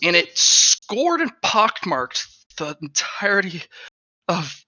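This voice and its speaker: A man chatting casually at home on an online call, rambling and animated, talking to his dog between stories. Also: sits high, takes it slowly, dry recording. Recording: dull, dry lo-fi mic.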